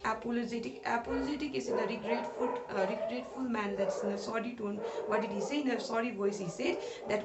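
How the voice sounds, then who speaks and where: A woman teacher explains a story to schoolchildren line by line, rephrasing each sentence and asking questions aloud, with frequent "uh" fillers. Her voice is a little high and fairly quick, with hardly any pauses. The room is echoey with faint noise.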